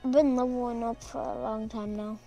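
A woman teammate chatting casually during an online game, giving short relaxed replies. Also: fairly high pitch, fairly quick, over music. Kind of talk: casual chat over game voice chat.

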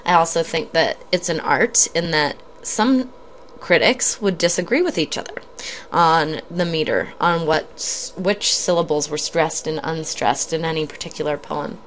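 A woman's voice: deep voice, moderate pace, slight background noise. Woman lecturing conversationally on poetry. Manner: conversational, explanatory, frequent ums and self-corrections. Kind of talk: recorded literature lecture.

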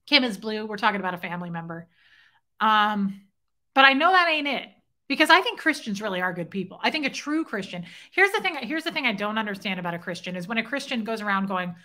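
Chatty woman with a bright voice. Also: mid-range voice. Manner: chatty, animated retelling, thanks viewers by name. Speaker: livestream host. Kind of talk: casual live-chat storytelling.

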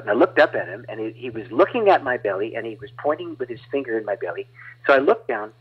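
Husky male guest evangelist, animated testimony storyteller, muffled lo-fi audio. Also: mid-range voice, quick pace. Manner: animated, dramatic retelling with laughs. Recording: dull lo-fi audio.

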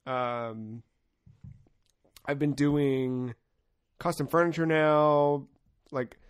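A young man co-hosting a casual gaming podcast, an excitable storyteller who swears freely. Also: a little high, very slow, clear, resonant tone. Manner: excitable storyteller, swears freely, acts out his own shouting. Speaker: podcast co-host.

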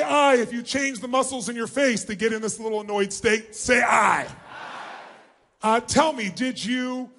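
A man leading a huge live audience through an exercise, energetic and commanding, often shouting questions to the crowd. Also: very high voice. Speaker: motivational speaker leading a large audience exercise. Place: large arena.

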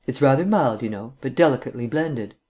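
A man reading an audiobook, voicing a languid, refined gentleman detective with an airy, sweetly condescending drawl. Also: medium pitch, expressive, a little fast, lightly acted.

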